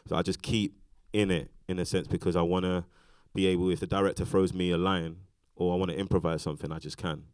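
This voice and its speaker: A British man with a very low voice talks fast and loosely, filling his sentences with fillers and restarts. He is a guest in a casual onstage conversation, and the sound is close and dry. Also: little pitch movement, darkish tone, clear, resonant tone, no room sound. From Britain. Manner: rambling, lots of fillers and restarts. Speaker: actor, interview guest. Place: festival stage talk.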